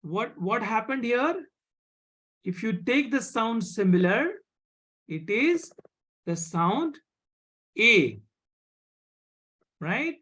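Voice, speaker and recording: A teacher with an Indian accent giving a live online French class, speaking slowly, repeating words and checking with "right?". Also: medium pitch, expressive, a bit bright. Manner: slow, repeats words, asks "right?" often.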